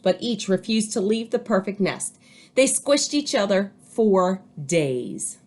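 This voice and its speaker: A woman's voice: mid-range voice, expressive, a little slow, a little mellow. A woman, a teacher, reading a picture book aloud to children and adding chatty asides.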